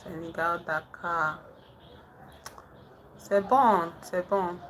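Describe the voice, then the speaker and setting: A woman casually chatting on a livestream with viewers, haltingly trying out French phrases. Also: on the low side, fairly bright tone, slight background noise, poor audio. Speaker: livestream host. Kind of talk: casual live chat with viewers. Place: indoors in the dark at night.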